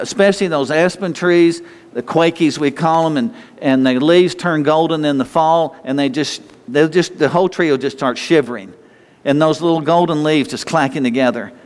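A man preaching an informal sermon in a rambling, repetitive way, often restarting his sentences. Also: fairly high pitch. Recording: long hall reverb.

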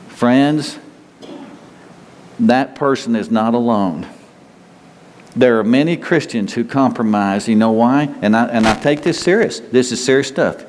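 A man's voice: mid-range voice, unhurried, long pauses, darkish tone, big-room sound, a little hiss or hum. A man pastor preaching a sermon in an earnest, conversational way, often repeating and restarting his words.

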